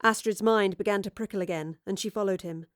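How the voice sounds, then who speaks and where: Woman narrator, measured storyteller, clean dry read. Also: mid-range voice, no echo. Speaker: audiobook narrator. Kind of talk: scripted narration of a serial story.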